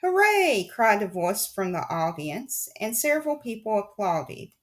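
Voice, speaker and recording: Lively wry woman reading a storybook. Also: mid-range voice, a little slow. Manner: wry, confiding, addresses the listener. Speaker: audiobook reader. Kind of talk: audiobook narration.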